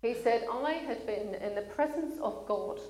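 A woman with a fairly high, animated voice and a darkish tone preaches earnestly, getting choked up now and then and apologizing. The room is echoey, with a slight hiss or hum in the recording.

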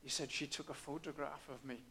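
A man preaching a sermon, telling stories in a quiet, earnest way with small restarts. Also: on the high side, flat delivery, a little fast, gravelly, husky.

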